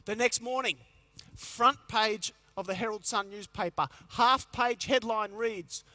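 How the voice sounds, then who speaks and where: A middle-aged man gives a comic keynote speech, telling jokes and stories and slipping into quick character voices. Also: high voice, sharp tone, dry recording. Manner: storytelling with quick joke voices. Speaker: motivational speaker.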